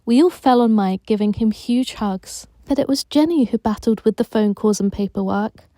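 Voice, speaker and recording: A woman narrating a children's audiobook in a lively storytelling manner, recorded at home. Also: on the high side, moderate pace, dry recording. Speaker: audiobook reader.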